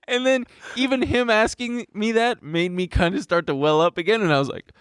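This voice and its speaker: A man's voice: high voice, fairly even intonation, fairly quick, few pauses, fairly bright tone, smooth, dry recording, clean studio sound. A man co-hosting a podcast, telling a personal story in a candid way, laughing and swearing as he goes. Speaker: podcast co-host. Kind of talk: casual storytelling chat.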